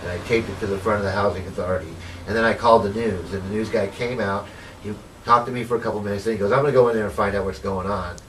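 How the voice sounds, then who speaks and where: Speaking fast in a steady tone, a man with a fairly low voice recounts his life story for an interview, having once been homeless. His telling rambles, full of "you know" and retold dialogue, and the audio is poor, with a distant mic and a faint hiss underneath.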